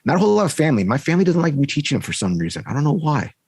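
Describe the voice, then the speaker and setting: A man's voice: fairly high pitch, sing-song, rapid-fire, a little mellow, slightly rough, no echo. A man co-hosting a podcast, telling a rambling, anecdotal story in casual chat. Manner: rambling, anecdotal, self-correcting. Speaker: podcast co-host, martial arts instructor.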